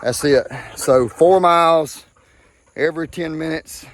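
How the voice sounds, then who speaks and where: A man's voice: on the high side, a little slow. Winded Mississippi man talking on a walk. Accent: Southern US, Mississippi. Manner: folksy, drawling, keeps saying okay. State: out of breath. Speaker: vlogger. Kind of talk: casual walking vlog.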